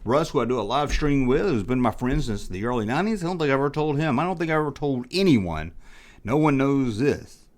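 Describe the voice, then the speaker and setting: A man's voice: medium pitch, expressive, brisk. Rambling middle-aged man telling a story. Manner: rambling, self-mocking confessional tone. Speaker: toy collecting vlogger. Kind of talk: casual storytelling monologue.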